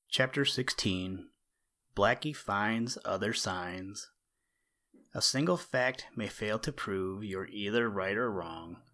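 Low-voiced man reading a storybook. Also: a bit bright. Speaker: audiobook narrator. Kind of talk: storybook narration.

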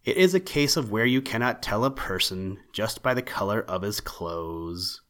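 A man's voice: on the low side, expressive, moderate pace, fairly bright tone. A man reading the part of a male screech owl who answers solemnly and snaps crossly when questioned. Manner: snappish, solemn. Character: gruff male screech owl, curt and proud.

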